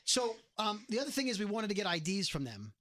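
A man's voice: sits high, very animated, fast talker, a bit bright, no echo, studio quality. A man from Brooklyn with a New York accent, co-hosting a podcast in rambling, joking casual chat. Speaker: podcast co-host.

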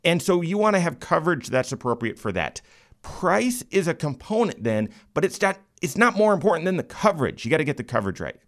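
A man hosting a finance talk show, a financial planner who talks in a lively, joking way with animated emphasis. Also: on the high side, a little fast.

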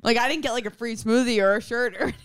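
A woman's voice: on the high side, fast talker, clear, resonant tone, dry recording. A woman co-hosting a podcast in casual chat, laughing helplessly as she talks into a podcast microphone. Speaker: podcast co-host.

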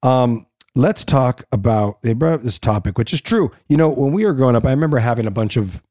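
A man co-hosting a casual podcast, talking in a relaxed, dry and teasing way. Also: medium pitch, a little fast, dry recording. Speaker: co-host.

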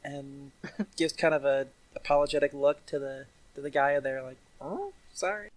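A man's voice: medium pitch, level tone, moderate pace. A man playing a tabletop game, tentative, thinking aloud with fillers. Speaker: player. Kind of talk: casual tabletop play.

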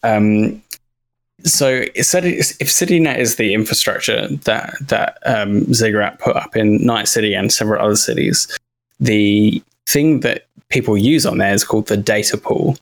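Low-voiced Australian man. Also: moderate pace. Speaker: podcast guest. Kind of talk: casual interview chat.

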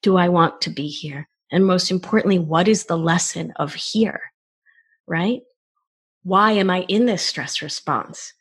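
A woman in her forties, a wellness expert talking in a casual podcast conversation, animated and expressive. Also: lowish voice, a little slow, slightly rough. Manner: animated, acts out child voices in quotes.

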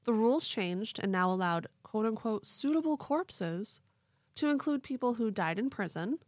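A woman's voice: mid-range voice, lively intonation, normal speed, dry recording, clean studio sound. A young woman co-hosting a true-crime podcast, telling the story in a casual way with lots of "like". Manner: casual, leans on "like" and "quote unquote". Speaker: podcast co-host.

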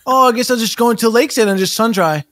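A man's voice: very high voice, fast, a bit bright. A man improvising a defiant, sarcastic teenage son who keeps talking back. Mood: sassy. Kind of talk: improv comedy sketch.

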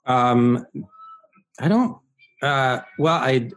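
A man's voice: medium pitch, expressive, drawn-out words, poor audio. A middle-aged man, a guest artist, chatting casually and enthusiastically on a podcast and laughing often.

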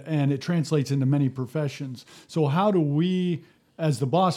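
Man, slightly high, mellow tone; casual storyteller, restarts a lot. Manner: storytelling, acts out quotes, frequent restarts. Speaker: former fire captain. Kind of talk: casual podcast conversation.

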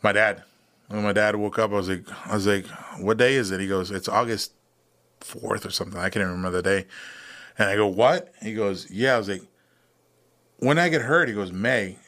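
A man in his thirties, a veteran guest on a podcast, telling his story in a relaxed, matter-of-fact way with many fillers. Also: fairly low pitch, fast. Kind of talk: casual storytelling interview.

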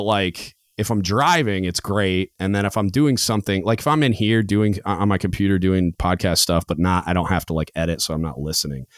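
Deep-voiced casual podcast host. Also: male voice, no room sound, studio quality. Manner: rambling, filler-heavy, says "like" and "dude" a lot. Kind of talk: casual chat. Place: home podcast studio.

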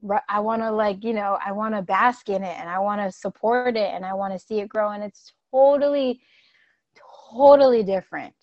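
A woman's voice: mid-range voice, fairly even intonation, a little fast, few pauses, dry recording, muffled recording. A woman money coach hosting an interview, gushing, tearful at times and swearing casually. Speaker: money coach and podcast host. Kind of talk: emotional conversational interview.

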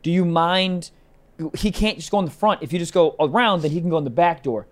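A man, a comedian and podcast co-host, telling a story in casual chat, animated and cursing often. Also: fairly high pitch, fairly quick. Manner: animated storyteller, swears a lot.

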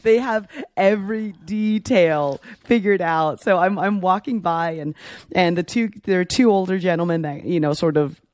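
A man telling a story in casual podcast chat, animated and acting out the people he quotes. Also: sits high, moderate pace, no room sound. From Florida.

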